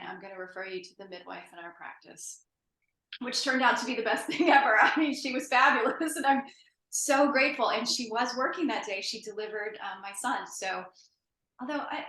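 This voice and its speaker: Bright-voiced chatty woman host. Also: on the high side. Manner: chatty storyteller, laughs through her words. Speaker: podcast host and author. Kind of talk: conversational interview. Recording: roomy echo.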